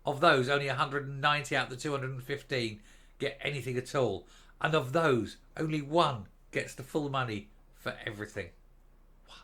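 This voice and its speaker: A man's voice: mid-range voice, normal speed, bright, forceful tone. An older man giving an indignant, sarcastic political rant, blunt and crude. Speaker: political commentator. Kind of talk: ranting online commentary.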